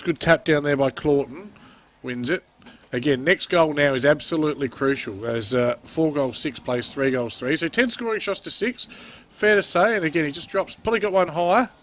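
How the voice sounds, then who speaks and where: A man's voice: fairly high pitch, normal speed. Chatty Australian man calling a local footy match. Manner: chatty, jokey, excitable on goals. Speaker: play-by-play commentator. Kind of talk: amateur sports commentary.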